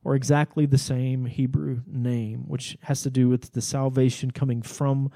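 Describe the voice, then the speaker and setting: A man's voice: mid-range voice, little pitch movement, moderate pace, vocal fry, mellow, dry recording. A man giving a Bible teaching sermon, explaining the text in a conversational way with fillers and asides. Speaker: pastor.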